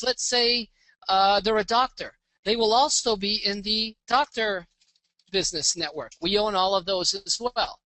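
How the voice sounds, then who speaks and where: A man's voice: high-pitched, bright, forceful tone, no echo. Upbeat salesy man presenting online. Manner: upbeat salesy walkthrough, frequent "okay?" check-ins. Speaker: webinar presenter. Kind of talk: live online business pitch with screen demo.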